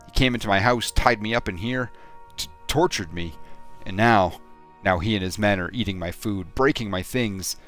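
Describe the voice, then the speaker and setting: A man's voice: fairly low pitch, normal speed, fairly bright tone, soft background music, lightly acted. A man voicing a terrified, beaten man who frantically pleads for help while reading a game aloud. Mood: frantic.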